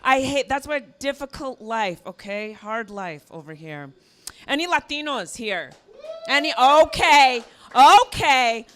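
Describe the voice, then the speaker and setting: A woman's voice: a little high, animated, a little slow, a bit bright. A woman from the American West doing a stand-up set on a comedy venue stage, with sarcastic, self-mocking punchlines. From American West (Arizona).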